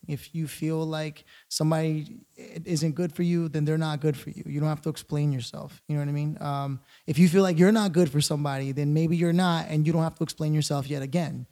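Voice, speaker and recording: A man's voice: on the high side, warm tone. A man co-hosting a podcast in casual chat, blunt and profane as he encourages listeners. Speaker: podcast co-host.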